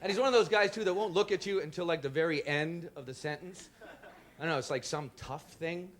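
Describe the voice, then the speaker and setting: A young man doing a rambling, self-deprecating stand-up set, bursting into loud shouted impressions. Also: a little high, fairly quick. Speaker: stand-up comedian. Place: comedy stage before a live audience. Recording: live club with audience laughter and noise.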